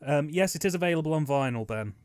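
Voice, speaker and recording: A man co-hosting a casual film commentary, cracking playful deadpan jokes and laughing a lot. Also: on the high side, fast. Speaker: co-host.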